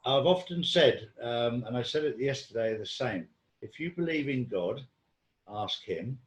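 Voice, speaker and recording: A man's voice: medium pitch, lively intonation, measured pace, echoey room. A man in casual conversation, telling rambling stories with lots of ums and restarts. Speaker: guest.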